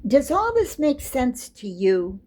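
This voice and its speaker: An older woman giving an informal, chatty lecture, quick to get excited. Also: high voice, slight background noise, low-quality recording. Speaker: teacher.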